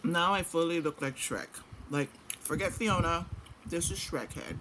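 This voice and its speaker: A woman's voice: lowish voice, measured pace. Middle-aged woman, chatty home vlogger, rambles freely, noisy recording. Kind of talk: casual chat.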